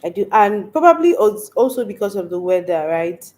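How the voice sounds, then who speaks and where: Brisk and medium-pitched, with big swings in pitch and a darkish tone, a young Nigerian livestream host chats casually while reading comments. She laughs often, and her voice is stuffy and congested from a cold.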